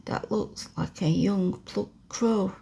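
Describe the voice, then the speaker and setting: A woman voicing a grumpy old male gardener, gruff and blunt, in a whispered role-play. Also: mid-range voice, takes it slowly, warm tone, slight background noise.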